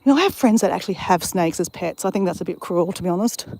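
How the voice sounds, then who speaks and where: A woman's voice: fairly low pitch, lively intonation, fast, creaky, a little mellow. A woman chatting on a live stream while out on a bush walk, rambling and greeting viewers in the chat, on a handheld phone mic. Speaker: vlogger.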